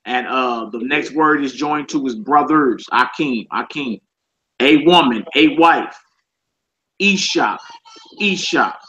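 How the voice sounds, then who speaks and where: A man teaching a class, reading from a book and explaining slowly, repeating each word and often asking "all right?". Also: a little high, pushed and bright. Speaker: Hebrew teacher. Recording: muffled lo-fi class recording with faint noise.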